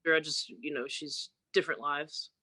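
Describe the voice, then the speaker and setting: A woman's voice: low voice, steady tone, moderate pace, noisy background. A woman guest musician chatting casually on a podcast, telling candid, loose stories and mimicking people.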